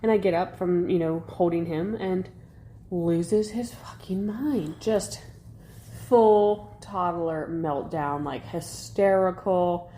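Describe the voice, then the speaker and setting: A woman's voice: on the low side, slow, mellow, slight background noise. A young woman co-hosting a podcast, talking candidly in a rambling casual chat full of fillers. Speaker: podcast co-host.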